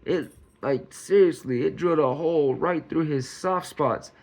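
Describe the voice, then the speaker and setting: A man's voice: on the high side, measured pace, a little mellow. Sarcastic, laughing commentary man. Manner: laughs often, rambling and sarcastic; colloquial, says y'all. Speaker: true-crime commentary host. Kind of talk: casual commentary vlog.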